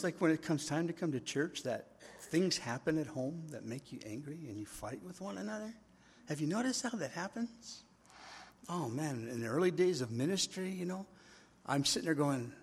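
A middle-aged man with a husky voice, preaching a sermon in a conversational way, telling stories and acting out quotes. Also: on the high side, lively intonation, moderate pace. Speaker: pastor.

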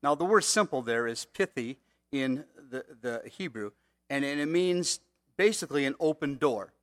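A man's voice: mid-range voice, lively intonation, moderate pace. A man preaching a conversational sermon, asking the congregation rhetorical questions. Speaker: pastor.

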